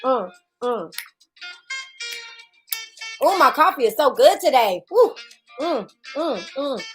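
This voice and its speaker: A chatty woman host with a very high, bright-sounding pitch greets her live viewers one by one. She takes her time, drawing words out at an easy, unhurried pace. Faint jazz plays quietly in the background. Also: big pitch swings. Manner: playful and chatty, greets viewers by name, laughs often. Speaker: host of a live morning chat show. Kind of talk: casual live-stream chat. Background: faint jazz music.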